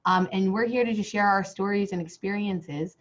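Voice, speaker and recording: A woman hosting a casual interview podcast, her voice hoarse from a cold, rambling with many fillers and restarts. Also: mid-range voice, normal speed. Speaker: podcast host. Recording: dull lo-fi sound.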